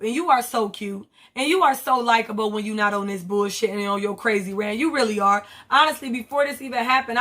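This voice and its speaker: A woman's voice: a little high, pushed and bright. A woman recapping reality TV in a blunt, profane, rambling vlog. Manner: blunt, profane, rambling commentary with quoted asides.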